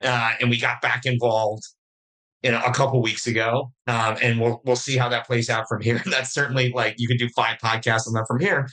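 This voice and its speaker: A man with a bright, forward voice, speaking as a guest on a podcast. He talks casually in energetic bursts, restarting sentences and acting out quick quotes. His pitch sits at an ordinary middle height. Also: rough recording. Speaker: podcast guest, fund manager. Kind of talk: casual interview talk.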